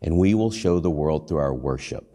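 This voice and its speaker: A low-voiced man preaches a sermon, speaking earnestly and putting questions to his listeners. He briefly acts out the lines he quotes. His voice carries a long reverb from the church sanctuary. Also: lively intonation, normal speed, dark tone. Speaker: pastor and hospital chaplain.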